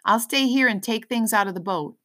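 Storybook girl, plucky preteen, bright and keen, read by a woman. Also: fairly quick. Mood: directing. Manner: raised pitch, eager and urgent. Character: brave determined girl, about twelve.

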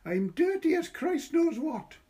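A man's voice: very high-pitched, big pitch swings, measured pace, mellow, pitched above the performer's own voice, full character voice. A man reading a story, voicing a cheeky, boisterous small boy in a Welsh accent. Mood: urgent.

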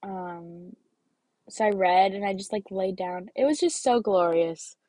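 A woman's voice: mid-range voice, measured pace, dry recording. Twenties woman, casual rambling vlogger, congested, dry close-miked sound. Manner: rambling, filler-heavy, lively storytelling. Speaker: student vlogger. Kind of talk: casual chatty vlog.

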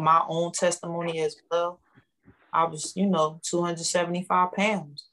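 A woman speaking, giving an emotional, heartfelt testimonial as a guest, animated and repeating herself for emphasis. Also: on the low side, poor audio. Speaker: guest, network marketing member.

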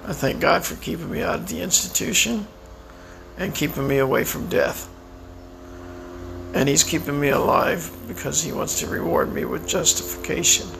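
Tired, gravelly-voiced man speaking reflectively. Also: a little high, noisy background. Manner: slow, reflective, prayerful. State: tired and weak. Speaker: vlogger. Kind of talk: personal monologue to camera.

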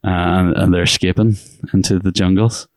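Give me a deep-voiced man co-hosting a casual movie podcast, rambling and laughing. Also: fairly even intonation, moderate pace, dry recording, studio quality. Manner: rambling, laughs often, acts out quotes. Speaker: podcast co-host.

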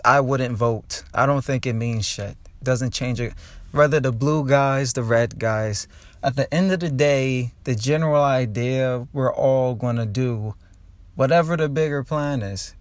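A man's voice: medium pitch, dry recording. A young man from New Jersey, a comedian hosting his own podcast, ranting heatedly and with lots of profanity from his car. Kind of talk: angry ranting podcast monologue.

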